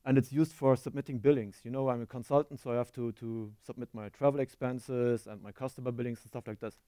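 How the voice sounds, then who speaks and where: A man's voice: mid-range voice, steady tone, quick pace, warm tone, smooth, dry recording, studio quality. A man from Germany with a German accent, giving a tech conference talk on stage, self-deprecating and quizzing the audience. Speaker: conference speaker.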